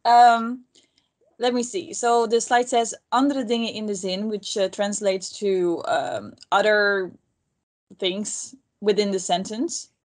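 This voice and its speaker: A woman's voice: medium pitch, takes it slowly. A woman helping teach a language lesson, reading slides aloud and translating them tentatively.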